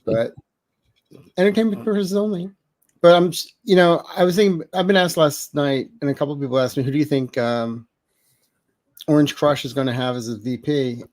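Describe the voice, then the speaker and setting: A man hosting a casual political chat show, joking and rambling in an animated way. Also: a little high, brisk, no echo. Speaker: channel host.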